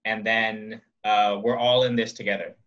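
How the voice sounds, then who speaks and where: A man's voice: lowish voice, flat delivery, normal speed, a bit bright. A man pianist listing songs hesitantly with many ums, sitting back from a laptop on a video call. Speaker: pianist guest. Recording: distant, muffled laptop audio.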